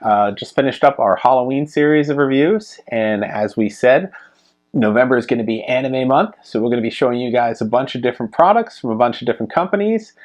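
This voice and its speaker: A man giving a casual unboxing review of a collectible statue, relaxed and full of ums and uhs as he handles it. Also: medium pitch, fairly quick. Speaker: toy reviewer.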